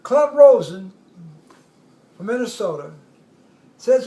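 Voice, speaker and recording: A man in his eighties tells an old army story in a strikingly high voice, rambling and laughing as he acts out the other people's lines. The sound bounces around an echoey room. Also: normal speed, darkish tone. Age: 80s. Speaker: army veteran telling war stories. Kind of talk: casual storytelling at home.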